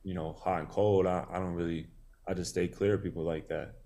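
A man's voice: deep voice, fairly even intonation, fairly quick, dark tone. A man in his thirties, a boxer guest, telling his story on a podcast in a laid-back way with lots of fillers. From Tennessee. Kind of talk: casual podcast interview.

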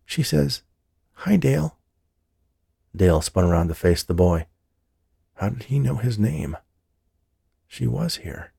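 A man narrates a novel in a measured, steady storytelling way. His voice is deep with a gravelly, husky grain. The recording is dry and close-miked. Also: no echo. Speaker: audiobook narrator. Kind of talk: scripted narration.

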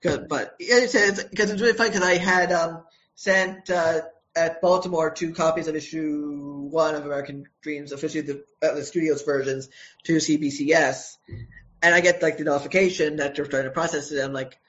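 A male comic creator answering interview questions casually, often pausing and restarting his sentences. His voice sits a little higher than most men's. The sound is slightly dull and lo-fi. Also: fairly even intonation, a bit bright. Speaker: comic book writer and co-creator.

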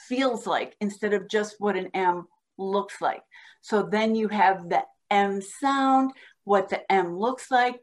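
A woman guest on a podcast, patiently explaining how to teach a child to read, sounding out words slowly as she demonstrates. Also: medium pitch. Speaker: guest reading educator. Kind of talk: instructional podcast talk.

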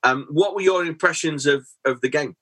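A man hosting a football podcast, chatting casually and analysing a match in quick, lively talk. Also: on the high side, slightly rough. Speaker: podcast host.

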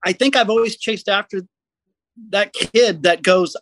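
A middle-aged man telling a story as a podcast guest, lively and self-deprecating. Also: high voice, a little slow, poor audio. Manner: animated, self-deprecating storyteller acting out quotes. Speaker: guest, comedy skit writer.

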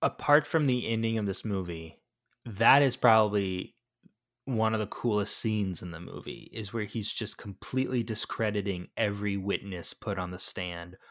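A man co-hosting a podcast, talking casually about a film and often pausing to search for words. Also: on the low side, fairly bright tone. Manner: searching for words, hesitant, many fillers. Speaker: podcast co-host. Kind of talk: casual movie discussion.

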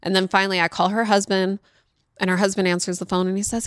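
A woman hosts a reflective solo talk in an earnest, heartfelt voice. She speeds up when she retells tense moments. Her pitch sits mid-range and the sound is close and dry. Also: a little fast, no echo. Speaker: podcast host.

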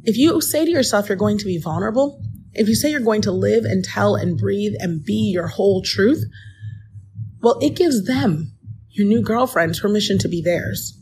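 A woman's voice: medium pitch, lively intonation, normal speed, a little mellow, slight background noise. A woman hosting a podcast, telling a personal story in an earnest, encouraging way and speaking straight to the listener. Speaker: podcast host. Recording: music playing behind the voice.

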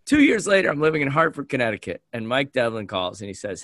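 A man's voice: medium pitch, quick pace, dry recording, studio quality. A man in his fifties with an American accent, telling a story in casual podcast chat and acting out the people he quotes. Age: 50s. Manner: animated, acts out quoted voices. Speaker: podcast co-host.

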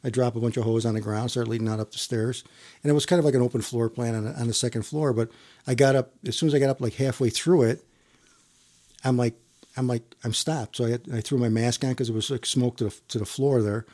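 Man, middle-aged, firefighter, casual interview storytelling, halting, repeats words, chuckles. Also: mid-range voice, steady tone, warm tone.

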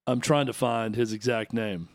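A man's voice: mid-range voice, steady tone, normal speed. A man co-hosting a sports radio show, chatty and amused as he sets up a clip. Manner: chatty, amused, explains context. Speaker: radio co-host. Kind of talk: casual sports talk.

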